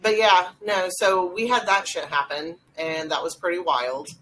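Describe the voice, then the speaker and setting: A young adult woman, co-hosting a podcast and retelling a ghost hunt in a rambling, animated way with lots of fillers. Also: on the low side, normal speed, soft background music, poor audio. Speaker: podcast co-host. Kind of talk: casual storytelling chat.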